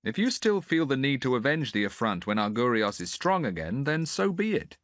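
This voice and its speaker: A man's voice: mid-range voice, sing-song, moderate pace, fairly bright tone, no echo, studio quality, pitched above the performer's own voice. A man voicing a tall, confident young prince in an audiobook, commanding but amiable.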